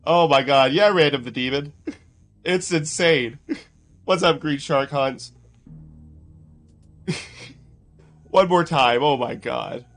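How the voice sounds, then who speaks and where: Male streamer, higher-pitched, casual and giggly, faint music behind. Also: takes it slowly, pauses often, fairly bright tone. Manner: chatty, laughs often, greets chat by name. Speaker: streamer reacting to clips. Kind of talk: casual live-stream commentary.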